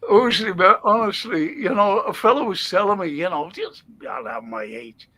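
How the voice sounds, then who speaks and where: A man, a guest telling animated stories, swearing freely and laughing as he goes. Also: sits high, normal speed. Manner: animated, swears a lot, laughs mid-story. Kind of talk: casual chat, storytelling.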